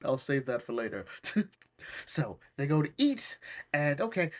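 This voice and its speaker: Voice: mid-range voice, big pitch swings, a little slow. A podcast host retelling a cartoon episode for laughs, rambling and joking with frequent asides. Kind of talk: comedic cartoon recap.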